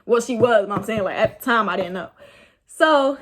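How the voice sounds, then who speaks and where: A young woman, casually telling a rambling, animated story about her night out. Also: fairly high pitch, moderate pace. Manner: animated, rambling, laughs at herself. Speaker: vlogger.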